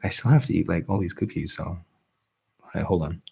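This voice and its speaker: A young man with a slight Scottish accent, hosting a relaxed livestream and chatting softly as he reads out and answers viewer comments. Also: low-pitched, fairly quick, vocal fry, slight background noise. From Britain. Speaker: ASMR livestream host. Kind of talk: casual soft-spoken live chat.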